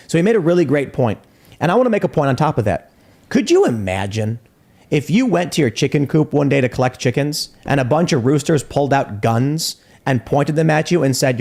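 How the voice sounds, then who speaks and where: A man hosting a political talk show, telling stories in an animated, joking way. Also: mid-range voice, a little fast. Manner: animated storytelling, jokey asides. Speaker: host.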